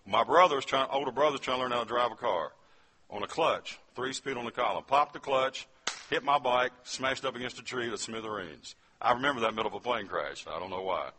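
A man's voice: mid-range voice, fairly quick, pushed and bright, slightly rough. A man from West Virginia telling a testimony as a sermon, speaking straight to his listeners as he tells his story. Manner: storytelling, addresses the audience directly.

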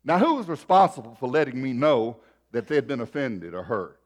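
A man preaching a sermon, telling a folksy personal story and shifting between loud and soft. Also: mid-range voice, sing-song, brisk. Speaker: pastor.

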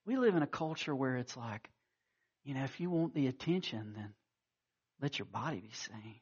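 A man's voice: medium pitch, animated, normal speed, darkish tone, husky, highs cut off. A man preaching a sermon, telling stories with acted-out quotes and frequent restarts. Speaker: pastor.

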